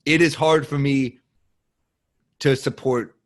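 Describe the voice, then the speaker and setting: A man's voice: medium pitch, fairly even intonation, slow pace. Male podcast guest with a mid-range voice who rambles loosely and swears a lot. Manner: rambling, loose and profane, full of "like". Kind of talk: casual chat.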